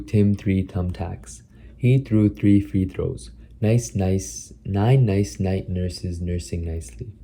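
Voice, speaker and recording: A man's voice: low-pitched, warm tone, a little hiss or hum. Young man vlogging casually. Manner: chatty, reciting tongue twisters, tripping and restarting. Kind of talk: casual self-recorded practice vlog.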